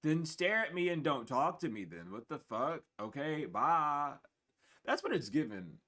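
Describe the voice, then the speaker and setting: A man's voice: a little high, measured pace. A man in his twenties giving a casual spiritual reading to camera, blunt and profane, tired and with the hiccups. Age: 20s. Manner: blunt, profane, animated, acts out other people's voices. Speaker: tarot reader. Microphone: camera mic.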